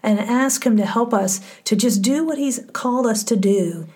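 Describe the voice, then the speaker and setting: A woman co-hosting a casual faith podcast, speaking in a heartfelt, soft way that often drops close to a whisper. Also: fairly high pitch, normal speed, slightly rough. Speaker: podcast co-host.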